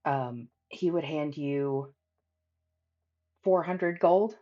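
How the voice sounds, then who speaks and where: A woman narrating as game master of a tabletop role-playing session, relaxed and halting with fillers. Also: deep voice, dull audio.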